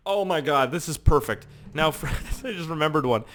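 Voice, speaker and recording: A Canadian gaming YouTuber tells rambling, profane stories while playing a game, in casual storytelling over gameplay. His voice is fairly high and a bit bright, at a normal speed, with a little hiss or hum in the recording.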